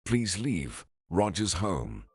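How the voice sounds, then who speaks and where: Man reading as a frightened, pleading wife, husky and low, lively lines. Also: slow pace, no room sound, exaggerated voice. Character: anxious married mother caught by ex-lover.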